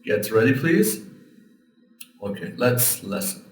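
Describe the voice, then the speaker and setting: A man's voice: medium pitch, very animated, takes it slowly, faint music behind. A man teaching an English lesson, patiently explaining grammar and pronunciation step by step. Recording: echoey room, mic at a distance.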